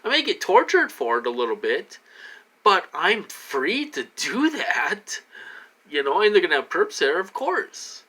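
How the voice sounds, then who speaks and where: A man rambling in a repetitive monologue to camera, full of restarts, slightly tipsy from a drink, swinging from loud outbursts to low muttering. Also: very animated, unhurried. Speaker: vlogger.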